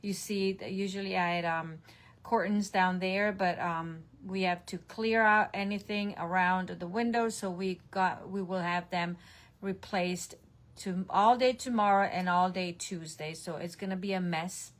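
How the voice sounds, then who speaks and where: Slow, chatty woman showing crafts. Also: on the low side, fairly even intonation. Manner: chatty, showing cards, frequent ums and self-corrections. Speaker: online stamping demonstrator. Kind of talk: casual product recap to camera. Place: home craft room.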